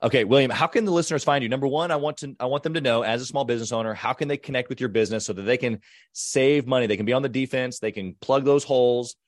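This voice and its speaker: A man with a medium-pitched voice hosts a podcast interview, speaking quickly in a clean studio recording with no echo. He keeps it conversational and affirms his guest often, agreeing frequently.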